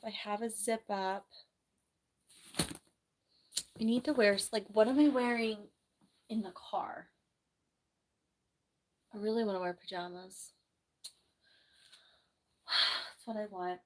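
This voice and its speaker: Her voice medium-pitched and a bit hoarse from the flu, a young New Jersey woman chats on a casual livestream from her bedroom at home. She's a nurse and the stream's host, rambling along and reading viewer comments aloud.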